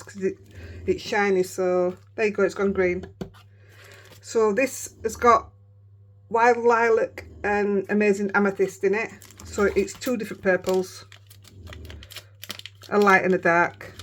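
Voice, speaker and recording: A woman with a Yorkshire accent, a crafting vlogger chatting excitedly and rambling through a casual show-and-tell. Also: mid-range voice. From Yorkshire, England.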